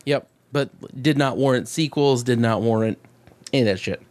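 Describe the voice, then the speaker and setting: A man co-hosting a casual chat, recapping a film with swearing, jokes and quick acted-out voices. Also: medium pitch, darkish tone. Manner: profane, jokey, acts out quick voices mid-recap. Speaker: podcast co-host.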